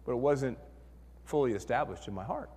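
A man preaching a sermon as pastor, telling a story in an animated way and acting out the voices in his head. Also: medium pitch, a little fast, in a large hall, a little hiss or hum.

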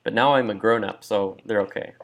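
A man's voice: fairly low pitch, steady tone, brisk. A man co-hosting a podcast, rambling through stories and giggling as he talks. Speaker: podcast co-host. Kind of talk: casual chat.

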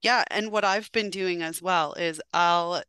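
A woman with a low-pitched but bright, crisp voice, recorded dry and close. She shares practical stories from home in an easy podcast chat. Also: a little slow, no echo.

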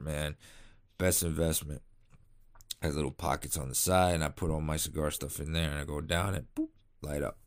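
Deep-voiced man rambling about cigars. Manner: rambling, laid-back, swears casually. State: tired, yawning late at night. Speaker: cigar vlogger. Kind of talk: casual chat.

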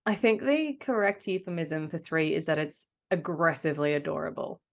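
An Australian woman in her thirties co-hosting a podcast, telling lively stories about her daughter with frequent laughter. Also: low-pitched, normal speed, gravelly. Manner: animated, laughs between anecdotes. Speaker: podcast co-host. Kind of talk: casual chat.

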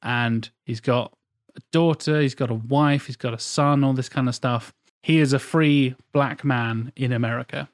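A man's voice: medium pitch, fairly even intonation, normal speed, no room sound. Podcast host, man in his thirties from England, rambling sweary film talk, dry mic. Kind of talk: casual film chat.

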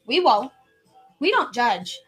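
A woman's voice: a little high, very animated, slow, fairly bright tone, slightly rough, faint music behind. A woman hosting a podcast in casual chat, chatty and enthusiastic, laughing often. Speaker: podcast host.

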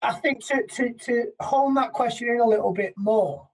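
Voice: medium pitch, normal speed, husky, low-quality recording. A person co-hosting a casual podcast, thinking aloud with hesitant restarts.

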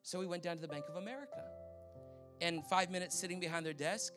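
A Canadian man preaching, telling a testimony in a lively storytelling manner and acting out the people he quotes. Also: high-pitched, fast, over music. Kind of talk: sermon testimony.

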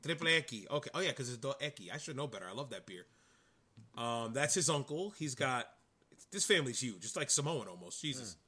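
A man's voice: medium pitch, animated, a little fast, bright, forceful tone, slightly rough. A man co-hosting a podcast, chatting in a rambling, enthusiastic way. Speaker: podcast co-host. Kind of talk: casual chat.

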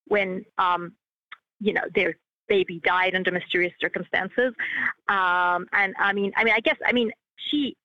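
Hesitant woman, gravelly. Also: medium pitch, dry recording, muffled recording. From Australia. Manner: hesitant, many fillers and restarts. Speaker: filmmaker and actress guest. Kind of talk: interview answers.

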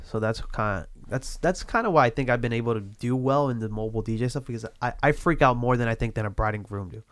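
A man's voice: mid-range voice, fast. A man talking casually as an interview guest about his DJ work, laid-back, with many fillers and restarts. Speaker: mobile DJ guest.

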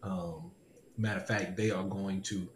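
A man's voice: deep voice, steady tone, measured pace, heavy background noise. A man telling a personal story with animation, laughing often and repeating his lines. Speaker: podcast host. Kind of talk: casual testimony chat. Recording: echoey room with faint ambience.

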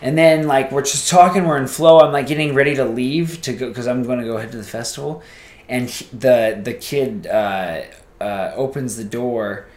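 A man's voice: medium pitch, moderate pace, roomy sound. Rambling man telling a story. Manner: rambling, animated, acts out quoted voices. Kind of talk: casual storytelling.

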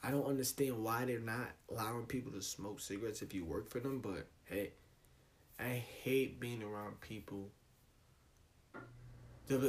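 A man's voice: medium pitch, normal speed, pauses often. A young man, hosting a casual solo podcast and ranting in a loose, profane, rambling way. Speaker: podcast host.

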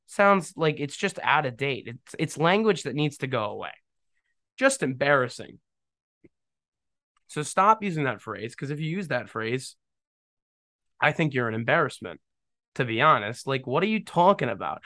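A man's voice: fairly high pitch, expressive, measured pace, a bit bright, no room sound. A man hosting a casual solo podcast, talking bluntly and ramblingly with a scoffing edge and many fillers. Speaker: podcast host.

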